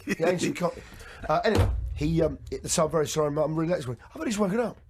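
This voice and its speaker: A man with a high voice, a bit hoarse today, hosts a radio show in playful, teasing banter. He builds mock-grand introductions for his co-hosts. Faint music plays behind him. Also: very fast, a little mellow. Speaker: radio breakfast show host.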